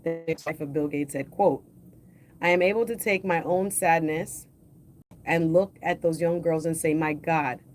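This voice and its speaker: A woman hosting a livestream, reading news articles aloud in a slow, deliberate way and adding casual asides of her own. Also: low-pitched, steady tone. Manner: reads quotes slowly and deliberately, adds casual asides. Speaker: livestream host.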